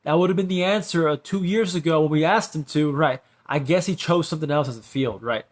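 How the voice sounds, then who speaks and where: Speaking briskly in a fairly high voice, a man rambles to the camera. "Bro" and "right" punctuate his sentences, and he often slips into low, drawled asides.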